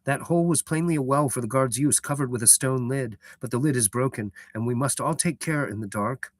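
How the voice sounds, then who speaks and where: A man voicing a stern male dwarf warrior in a softer, lighter voice, read from a storybook. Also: mid-range voice, fairly quick, dry recording, studio quality, natural voice. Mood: cautioning.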